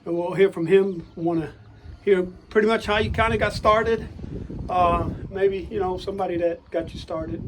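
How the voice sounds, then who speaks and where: High-pitched guy asking questions, kinda halting, faint noise outside. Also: fairly even intonation. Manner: hesitant, lots of short backchannels. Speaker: interviewer. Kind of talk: casual interview.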